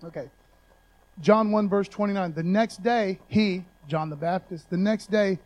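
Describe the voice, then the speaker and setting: A man's voice: sits high, a little slow, darkish tone, low-quality recording. A man preaching a casual, conversational sermon, using loose slang and often checking in with his listeners.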